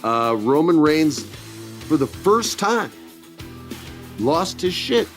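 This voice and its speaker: A man's voice: fairly high pitch, sing-song, takes it slowly, faint music behind. A man co-hosting a podcast, chatting casually through a wrestling recap and acting out the quotes in shifting voices. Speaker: podcast co-host.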